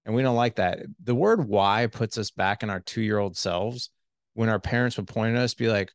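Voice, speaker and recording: A lowish, brisk, creaky male voice in a dry, clean studio recording. He's a middle-aged relationship coach on a podcast, animatedly offering communication advice and performing the voices of his wife and himself.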